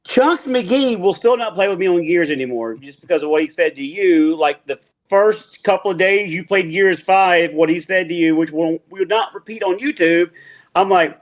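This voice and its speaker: A man with a slightly high voice co-hosts a casual livestream chat. He talks bluntly and jokes around. He joins the call from his phone. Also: moderate pace. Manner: blunt, joking. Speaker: co-host.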